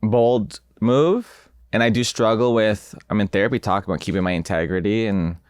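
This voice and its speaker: A man co-hosting a podcast, joking in a dry, deadpan way during casual banter. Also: fairly low pitch, normal speed, clean tone, no echo. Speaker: podcast co-host.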